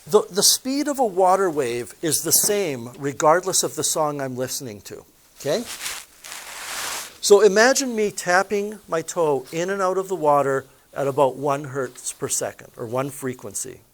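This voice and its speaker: A man teaching a physics lesson in a chatty way, putting questions to his listeners and adding personal stories. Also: a little high. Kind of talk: recorded classroom lesson.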